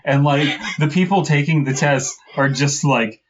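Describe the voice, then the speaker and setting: A man's voice: fairly high pitch, moderate pace. Joking man on a lo-fi podcast mic. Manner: joking, puts on silly accents. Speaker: podcast co-host. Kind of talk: casual comedic chat and story reading. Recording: dull lo-fi podcast mic with faint noise.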